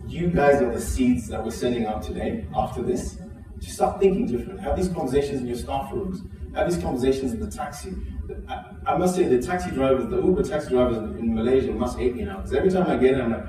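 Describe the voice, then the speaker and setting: A man from Zimbabwe delivers a conference keynote in a mellow, relaxed voice, jumping into lively quoted dialogue as he tells his stories. He restarts phrases often. The sound is a big echoing hall, with him heard from some distance over faint room ambience. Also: fast. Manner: animated storytelling, acts out quoted dialogue with pitch jumps; frequent restarts and filler words. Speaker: keynote speaker.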